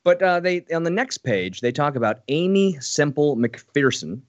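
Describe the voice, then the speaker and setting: A man's voice: on the high side, sing-song, normal speed, no echo, highs cut off. A man co-hosting a casual podcast book review, talking in a sarcastic, wry way. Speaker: podcast co-host.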